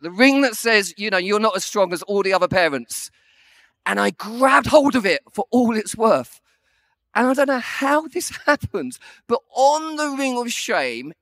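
A man's voice: sits high, a bit bright, no room sound. A man preaching a sermon, telling a self-deprecating story with comic timing.

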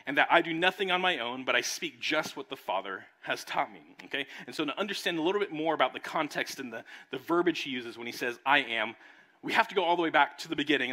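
A man's voice: on the high side, sharp tone. A man preaching a conversational sermon as pastor in a church, often checking in with "okay?". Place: church sanctuary.

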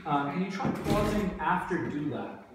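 A man coaching a class rehearsal in a patient, encouraging way, often checking in with students, his voice a little high for a man. He is heard from some distance in a very echoey classroom with clear background noise. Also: sing-song, normal speed. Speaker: drama teacher. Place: school classroom.

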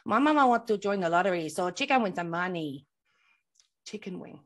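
A woman putting on a Mexican accent to voice a joking man, with a deadpan delivery. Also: fairly low pitch, a little fast, lightly acted. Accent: Mexican, put on.

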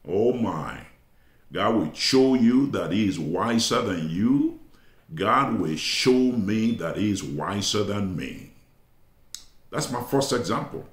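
Slow emphatic preacher in an echoey church. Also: male voice, mid-range voice. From Africa. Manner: emphatic preaching with dramatic slow drawn-out phrases. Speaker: bishop preaching. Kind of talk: sermon. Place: church sanctuary.

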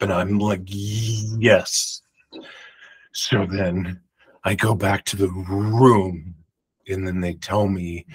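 A man host telling a personal story in a rambling, animated way, often cutting himself off. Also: sits low, slow, husky, low-quality recording. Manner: rambling, animated, self-interrupting retelling.

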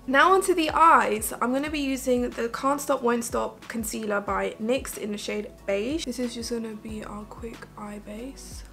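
A woman's voice: a little high, a little slow, vocal fry, fairly bright tone, faint music behind. A woman beauty vlogger talking her viewers through her makeup in a chatty, rambling way, filling her speech with "like". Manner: chatty, rambling, heavy use of "like". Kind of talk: casual get-ready-with-me chat.

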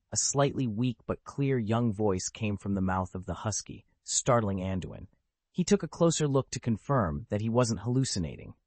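A man's voice: lowish voice, very animated, moderate pace, darkish tone, dry recording. A man narrating a web novel as an audiobook, telling the story steadily.

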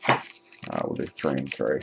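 A man opening trading card packs live, chatting casually, swearing often and bursting into excited shouts at big pulls. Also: extremely low pitch, unhurried, creaky, slight background noise. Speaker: card break streamer.

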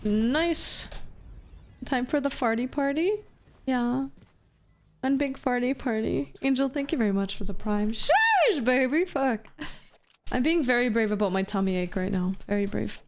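A woman's voice: on the high side, moderate pace, darkish tone, slight background noise. A woman from Canada, chatting casually on a live stream while gaming, playful, swearing, laughing and reading chat aloud. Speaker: VTuber streamer.

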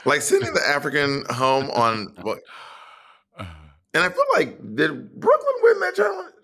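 Man, casual podcast chat, bright voice, teasing, storytelling. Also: on the high side, huge pitch swings, gravelly, slightly rough. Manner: teasing, storytelling, drawn-out phrasing. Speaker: podcast co-host. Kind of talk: casual banter.

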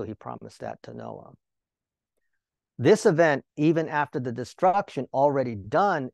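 A man's voice: mid-range voice, a little mellow, no room sound. A male Bible teacher giving a sermon, talking to the listeners with rhetorical questions and joking asides.

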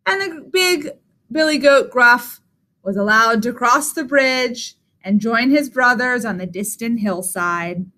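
A woman reading a children's story aloud. She speaks slowly in a high, bright voice. She tells it expressively and invites her listeners to join in the sounds. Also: expressive.

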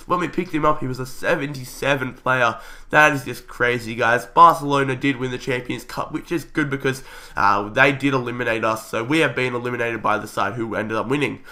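A young man giving excited commentary over a football video game, calling the play like a match commentator, his voice strained and going. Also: mid-range voice, brisk. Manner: shouts at goals, calls play like a match commentator. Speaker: YouTuber playing a football career mode.

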